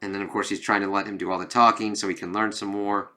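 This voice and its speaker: A man's voice: fairly low pitch, little pitch movement, fast talker, bright, forceful tone. A man casually talking through a comic book review, rambling and swearing freely as he retells the story. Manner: profane, rambling retelling full of fillers.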